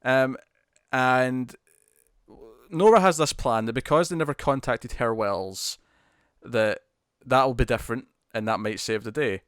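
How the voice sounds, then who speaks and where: A man co-hosting a podcast in casual chat, animated and laughing often, restarting sentences as he recaps TV episodes. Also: mid-range voice, measured pace, smooth, dry recording, clean studio sound. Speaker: podcast co-host.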